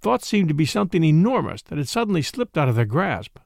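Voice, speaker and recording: A man narrating a classic mystery story in an expressive, dramatic reading style. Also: on the high side, fast, creaky, dry recording, clean studio sound.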